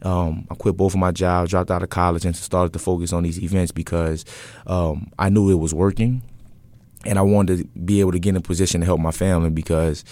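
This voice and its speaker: A young man in his twenties with a very low voice tells his own story to an interviewer. He talks casually and earnestly, often pausing on fillers and restarting his sentences. The sound is dry and close to the mic. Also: little pitch movement, dark tone, no echo. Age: 20s. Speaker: interview guest, entrepreneur.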